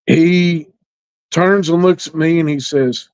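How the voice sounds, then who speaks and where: Middle-aged virginia guy telling a story, kinda high voice, plain country talk, dry close sound. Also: a little mellow, smooth, no room sound. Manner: plainspoken, rural grammar, halting pauses. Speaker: interview guest. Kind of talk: storytelling in a podcast interview. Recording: dull lo-fi recording.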